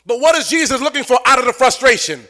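Man preaching, bright voice, swings all over, gets loud and repeats himself a lot. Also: very high voice, quick pace. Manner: animated, repetitive, building to shouts. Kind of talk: sermon.

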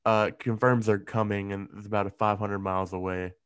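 A man's voice: on the low side, flat delivery, normal speed, a bit bright, smooth, dry recording. A young man co-hosting a podcast, reading out updates in a laid-back way with hesitant fillers and dry humor. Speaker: podcast co-host.

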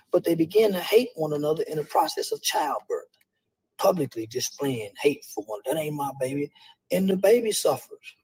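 Husky-voiced man preaching emphatically. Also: a little high, dry recording, low-quality recording. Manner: preachy, emphatic, swings between loud and hushed. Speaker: youth speaker. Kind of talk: emphatic monologue.

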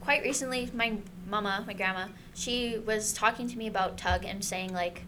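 A woman telling her own story in casual conversation, in a soft, subdued way. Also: mid-range voice, moderate pace, background noise.

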